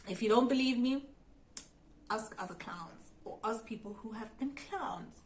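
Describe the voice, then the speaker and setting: A woman's voice: fairly high pitch, expressive, measured pace, rough recording. A young South African woman with a South African accent, telling her viewers a storytime vlog about being cheated on, acting out her own thoughts and speaking straight to the audience. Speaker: YouTuber.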